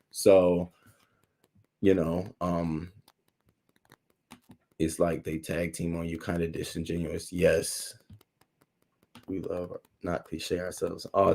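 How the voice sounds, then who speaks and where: Low, mellow-voiced man, emotional livestream. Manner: candid, emotional, reading and thanking chat names. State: holding back tears. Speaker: YouTube livestream host. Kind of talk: emotional livestream talk to chat.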